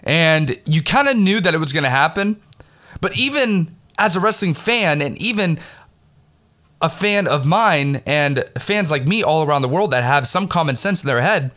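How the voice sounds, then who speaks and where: A man excitedly recapping a wrestling event in a rambling, casual way, swearing freely, recorded on a headset mic at home. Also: fairly high pitch, normal speed. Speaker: wrestling fan recapping a pay-per-view. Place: home recording in the Pittsburgh area. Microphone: headset mic with headphones.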